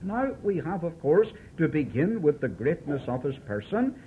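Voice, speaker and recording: A man's voice: on the high side, sing-song, normal speed. A man preaching an expository Bible sermon, declaiming and rising in emphasis as he quotes scripture. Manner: declaiming with emphatic rises when quoting scripture. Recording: tinny lo-fi old tape recording with faint hiss.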